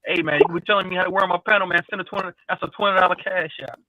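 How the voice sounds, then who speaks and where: A man in casual live-stream chat, loud and profane, rambling through stories. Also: high voice, fairly even intonation, very fast, no echo, narrow, tinny audio.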